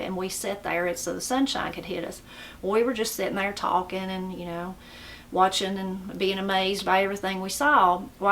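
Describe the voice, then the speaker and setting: Appalachian woman, middle-aged, folksy rambling storyteller, faint rumble behind. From western North Carolina mountains. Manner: folksy, rambling, animated when quoting. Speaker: blogger telling stories. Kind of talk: casual storytelling.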